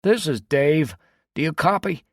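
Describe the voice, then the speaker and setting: A man voicing an eager young male raider scout who calls in over a radio with quick, keyed-up replies. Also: medium pitch, lively intonation, darkish tone, no echo, clean studio sound, pitched above the performer's own voice, lightly acted. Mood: alert.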